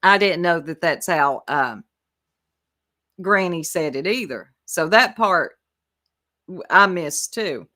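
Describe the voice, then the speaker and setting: A woman's voice: on the low side, lively intonation, slow, long pauses, pushed and bright. A woman, chatting casually with viewers and laughing as she reacts to clips. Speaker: commentary streamer.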